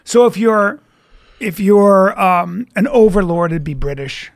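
A man's voice: high voice, a little slow. A man telling rambling stories in casual podcast banter, often restarting his sentences. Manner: rambling, storytelling, restarts a lot. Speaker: podcast guest.

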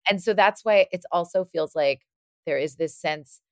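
Woman host, low voice, thoughtful, restates points, dry close mic. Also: moderate pace, dry recording. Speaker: podcast host and psychologist. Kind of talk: casual conversational podcast discussion.

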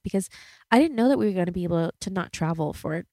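A woman's voice: fairly low pitch, quick pace, darkish tone, no room sound, clean studio sound. A woman in her thirties hosting a solo podcast, talking in an earnest, chatty way and often filling with "like" and "you know". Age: 30s. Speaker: podcast host. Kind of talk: reflective solo podcast monologue.

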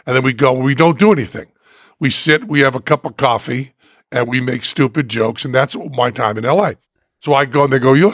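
A man hosting a podcast, telling a story in casual chat, animated, laughing often and acting out the quotes. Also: medium pitch, gravelly, no room sound, clean studio sound. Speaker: podcast host.

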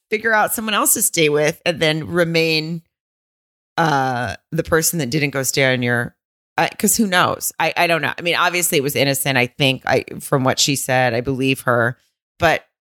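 A woman co-hosting a chatty podcast, talking bluntly with rambling asides and frequent swearing. Her voice sits very low. The sound is dry and close on the mic. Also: a bit bright, no echo. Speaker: podcast co-host. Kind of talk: casual chat.

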